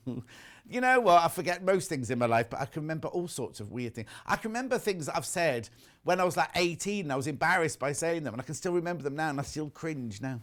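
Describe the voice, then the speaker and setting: Chatty male shopping channel host. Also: on the high side. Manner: chatty, self-mocking, jokey. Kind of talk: live TV shopping chat, reading viewer messages. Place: TV studio.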